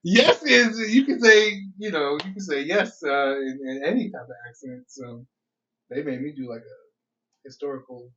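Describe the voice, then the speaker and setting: A young man hosts a podcast in a casual, laid-back chat, laughing often and swearing casually. His voice is a little high, bright and forceful, at a moderate pace. He's recorded from a distance, and the lo-fi podcast audio sounds dull.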